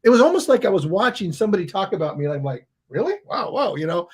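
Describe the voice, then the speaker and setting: A middle-aged man with a high, light voice tells a personal story as a podcast guest. He talks in a loose, conversational way and acts out the people in his story with sudden loud exclamations. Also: expressive, rapid-fire. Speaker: guest, coach and author.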